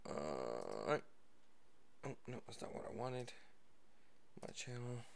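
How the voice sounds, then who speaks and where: A man's voice: on the low side, wildly swooping pitch, slow, vocal fry, noisy background. A man livestreaming a football video game, rambling casually with many fillers and a little out of breath. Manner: rambling, lots of fillers, self-deprecating. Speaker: gaming livestreamer. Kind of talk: casual gameplay livestream talk.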